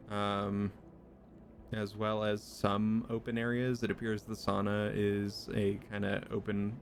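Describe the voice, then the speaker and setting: Gravelly low-voiced male game master. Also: slight background noise. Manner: relaxed descriptive narration with fillers. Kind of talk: narrating a tabletop game.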